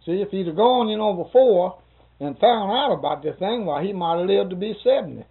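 An older man in his sixties with a husky, slightly high voice. He rambles through his story in a casual, folksy way, laughing now and then and quoting the other people in it. The recording is thin and phone-like. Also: lively intonation, brisk. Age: 60s. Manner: rambling, chuckling, folksy retelling with quoted dialogue. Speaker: interviewee.

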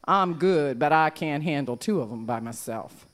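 A woman voicing a swaggering, smooth-talking male wolf in a folk tale, with a brash folksy drawl. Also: low-pitched, lively intonation, moderate pace, pitched below the performer's own voice.

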